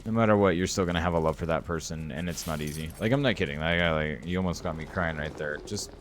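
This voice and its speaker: Deep-voiced, earnest male streamer. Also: steady tone, quick pace, fairly bright tone, a little hiss or hum. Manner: earnest, openly emotional, rambling. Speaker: game streamer. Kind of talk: casual live-stream chat.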